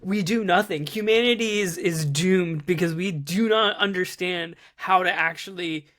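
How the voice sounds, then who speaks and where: Man guest, high voice, exasperated, quick to laugh, casual chat. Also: a bit bright. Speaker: guest, writer and activist. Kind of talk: casual conversation.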